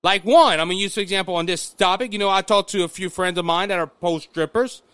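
A man from Louisiana with a Southern accent, hosting casual political commentary in an animated, rambling way with frequent restarts. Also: high voice, fast talker, smooth, no echo.

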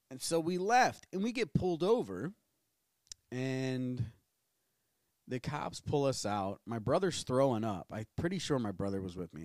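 A man's voice: lowish voice, a little mellow, no room sound, studio quality. A man in his thirties from New Orleans, hosting a podcast and telling personal stories in a candid, profane, rambling way. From New Orleans, USA. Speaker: podcast host. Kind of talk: casual personal storytelling.

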